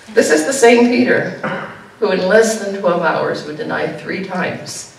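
A woman pastor giving an animated sermon, jumping to high exclamations now and then. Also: gravelly. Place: church sanctuary. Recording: echoey church room heard from a distance.

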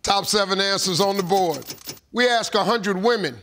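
A man hosting a TV game show, animated and teasing, with drawn-out exclamations over a loud studio audience. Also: high-pitched. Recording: broadcast with loud crowd noise. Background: loud cheering studio audience.

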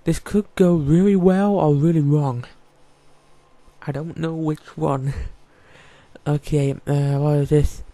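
A man's voice: a little high, steady tone, slow pace, warm tone, dry recording. A man giving casual, chatty let's-play commentary, joking and talking to the game's characters as he plays. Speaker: gaming YouTuber.

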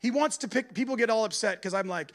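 A man preaching at a church gathering in a lively, conversational way, acting out other people's voices. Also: sits high, fast. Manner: animated, conversational, acts out voices. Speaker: guest preacher. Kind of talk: sermon.

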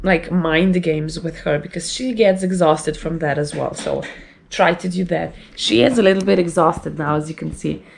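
Gravelly-voiced woman vlogger, sore throat. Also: on the low side, normal speed, slight background noise. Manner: rambling, chatty, with light laughs. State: sore, strained voice from illness. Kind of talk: casual chat to camera. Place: at home.

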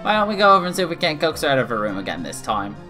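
Man voicing a gentle retired old toy maker. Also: on the high side, very animated, very fast, over music. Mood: kindly. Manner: kindly, fussing.

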